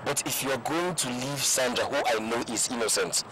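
An actor playing a loyal best friend with a Nigerian accent, firmly refusing to take part. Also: male voice, mid-range voice, normal speed, noisy background, close to an everyday voice. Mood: reproachful. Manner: firm, reproachful.

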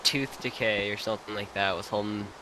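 A man's voice: fairly low pitch, fairly even intonation, a little fast. Male player, casual dry banter, noisy hissing chat recording. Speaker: player on the server. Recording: hissy voice chat.

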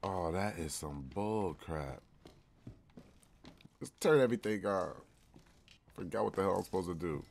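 A man's voice: low voice, measured pace, gravelly, pauses often, slight background noise. A man hosting a let's-play, commenting casually with slang and frequent swearing. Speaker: gaming channel host.

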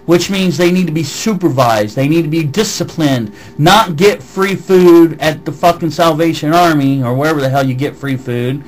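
A man's voice: fairly high pitch, normal speed, hardly any pauses, poor audio. Ranting Southern American man. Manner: heated, swearing, reads comments aloud. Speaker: vlogger. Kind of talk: angry vlog rant answering comments.

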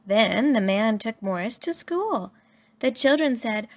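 A woman reading a children's story aloud in a gentle, measured way. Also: on the high side, expressive. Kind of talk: children's read-aloud narration.

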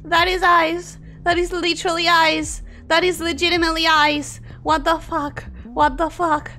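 A woman streaming a game, reacting excitably, swearing freely and answering her chat. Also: very high voice, moderate pace. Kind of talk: live gameplay commentary with chat replies.

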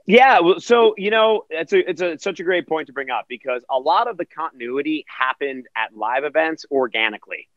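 Male emcee, lively interview answers, somewhat high voice, dry dull audio. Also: a little fast, hardly any pauses, no echo. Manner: energetic, acts out quotes in put-on voices. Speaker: virtual event host and emcee.

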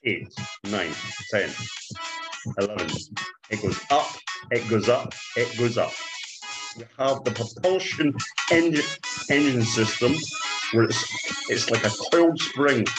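A man talks his audience through trades on a chart, building hype like a salesman. His voice sits at an ordinary middle pitch. Clear background music plays under him the whole time. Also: animated, a little slow, long pauses, low-quality recording. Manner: hyped salesman-like, addresses "ladies and gentlemen". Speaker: trading instructor. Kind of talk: screen-share trading walkthrough. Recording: music bed behind voice.

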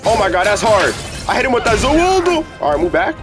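A young man streaming a video game, reacting with excitable jokes, casual commentary and sudden loud outbursts. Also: very high-pitched, fast talker, vocal fry. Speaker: gaming streamer. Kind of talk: casual let's-play commentary. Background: game music.

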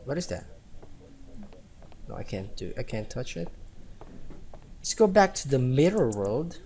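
A man's voice: medium pitch, big pitch swings, a little slow, dark tone, a little hiss or hum. A man from the Philippines casually commentating a game, chatty and giggly, reading the game's text aloud. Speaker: gaming let's-player.

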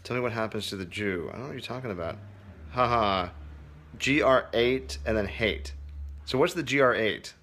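A man's voice: mid-range voice, normal speed, fairly bright tone. A man who teaches comedy, hosting a casual livestream Q&A, reading viewer comments aloud in a loose, profane way.

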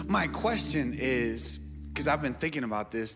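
A man's voice: medium pitch, very animated, a little slow, music in the background. A male pastor giving a sermon, joking and quizzing his congregation in a playful way. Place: large church auditorium. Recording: long church-hall reverb.

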